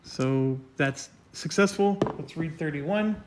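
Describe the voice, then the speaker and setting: Male host, casual board game playthrough; methodical, filler-heavy, mid-high pitch. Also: takes it slowly, noisy background. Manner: explains moves step by step with many fillers.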